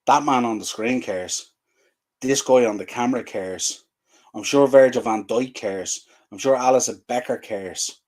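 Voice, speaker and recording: A man's voice: mid-range voice, unhurried, a little mellow. A man, hosting a fan show and ranting in frustration with repeated rhetorical questions. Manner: exasperated, repetitive rhetorical questions. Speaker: fan podcast host.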